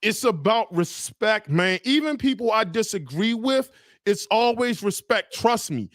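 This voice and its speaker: High-voiced man hosting a livestream. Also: animated, a little slow, a bit bright, dry recording, studio quality. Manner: direct, laid-back, repeats "brother" and "man". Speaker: show host. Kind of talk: casual livestream chat.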